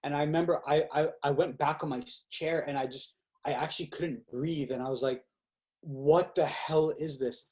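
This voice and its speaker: A young man as a podcast guest, telling stories in a lively, casual way and acting out quotes, with lots of "like" fillers. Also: on the high side, brisk, hardly any pauses. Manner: animated, acts out quotes with fillers like "like". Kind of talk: casual storytelling chat.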